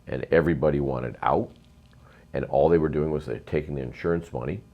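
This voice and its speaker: Middle-aged man, very low voice, emphatic rambling storyteller. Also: fairly quick, muffled recording. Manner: rambling, emphatic, frequent ums and uhs. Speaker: real estate investor, guest. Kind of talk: storytelling interview.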